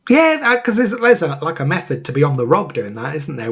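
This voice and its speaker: Brisk and expressive, this co-host has a fairly high voice with a breathy edge and few pauses. His casual podcast chat rambles along with plenty of fillers and restarts.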